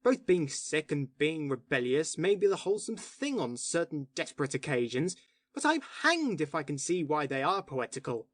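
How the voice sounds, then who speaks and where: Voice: medium pitch, very animated, normal speed, dry recording, studio quality. A reader voicing a passionate male poet who argues with fervent oratory, in audiobook dialogue. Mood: impassioned. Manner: impassioned, oratorical arguing.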